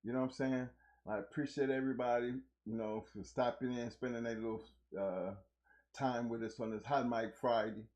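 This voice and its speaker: A man's voice: medium pitch, normal speed, muffled recording. A man hosting a live-streamed talk show, chatting casually with his co-host and the viewers. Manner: animated, repeats "you know what I'm saying".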